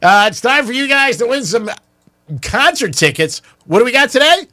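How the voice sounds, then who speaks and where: A man's voice: very high-pitched, moderate pace. A man hosting a radio show, joking and telling stories in casual banter with his co-hosts. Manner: joking, animated storytelling.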